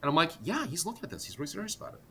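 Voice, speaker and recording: A middle-aged man, a podcast guest, telling an animated story in an emphatic, exasperated way, blunt and sometimes profane, talking in rapid bursts full of restarts. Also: fairly high pitch. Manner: talks in rapid bursts with many restarts and fillers. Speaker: podcast guest, tech company co-founder.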